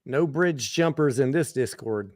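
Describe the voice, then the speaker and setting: A man's voice: medium pitch, lively intonation, unhurried, a little mellow, slight background noise. Laid-back man hosting a live stream. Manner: laid-back, jokey, reads chat aloud. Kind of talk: casual live stream chat.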